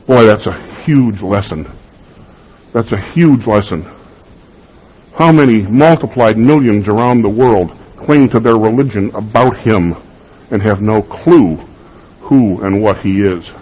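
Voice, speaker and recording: A man's voice: fairly low pitch, unhurried, lo-fi sound, slight background noise. A man preaching a sermon, emphatic and given to repeating key phrases for weight.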